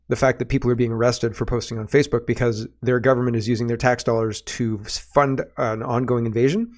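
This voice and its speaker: A man with a mid-range voice hosts a political podcast, reading posts aloud and breaking in with sardonic, emphatic commentary. He leans on rhetorical questions and pointed stresses as he reacts. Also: mid-range voice. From Canada.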